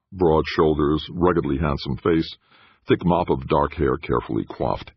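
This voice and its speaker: A man narrating an audiobook in a steady, scripted storytelling manner. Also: extremely low pitch, slightly rough. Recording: dull dry studio sound.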